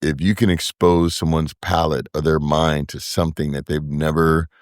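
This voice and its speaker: Low-voiced man, reflective podcast guest. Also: flat delivery, no room sound, clean studio sound. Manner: reflective, earnest, speaks in halting phrases. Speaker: brewery co-founder guest. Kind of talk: casual podcast conversation.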